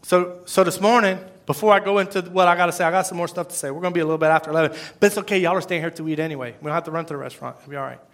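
A pastor delivers a sermon in a voice that sits a little high for a man. He talks to the congregation in a loose, conversational way, dropping to near hush and then rising to emphatic calls. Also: fairly even intonation, racing, few pauses. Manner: conversational preaching, swings from hushed to emphatic.

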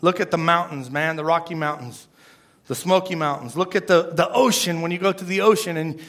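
A man's voice: a little high, a little fast, fairly bright tone. A man preaching a sermon, emphatic and repeating his phrases. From Florida. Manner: emphatic, repeats phrases, asks the crowd "right?". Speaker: pastor.

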